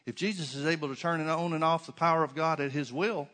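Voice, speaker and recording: A man's voice: fairly high pitch, fairly even intonation, fast, a bit bright. A man preaching a sermon to his congregation in a church, emphatic, with many rhetorical questions and repeated phrases. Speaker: pastor.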